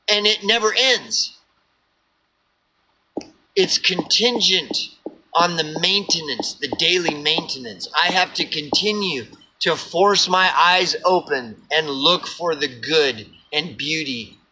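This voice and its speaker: A man's voice: fairly high pitch, sharp tone, a little hiss or hum, rough recording. A man from Oklahoma with an Oklahoma accent, giving a blunt, profane, preachy rant to camera and repeating himself for emphasis. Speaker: vlogger. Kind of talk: ranting monologue to camera.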